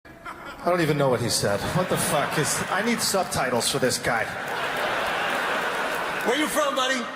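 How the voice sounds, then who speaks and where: A man's voice: a little high, lively intonation, moderate pace, very noisy. A male stand-up comedian doing a brash live set, slipping into put-on accents, recorded in a large venue. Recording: echoey live venue with loud crowd.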